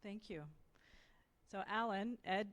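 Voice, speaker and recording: A woman's voice: medium pitch, steady tone, slow, a bit bright. Woman moderating a policy panel. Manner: brief, prompting questions.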